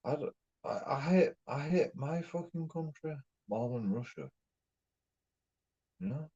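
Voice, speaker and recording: A man's voice: fairly high pitch, expressive, a little slow, long pauses, warm tone, slightly rough. A man from England, ranting in a rambling, repetitive way and swearing constantly. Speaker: streamer. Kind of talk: profane ranting monologue. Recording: dull lo-fi recording.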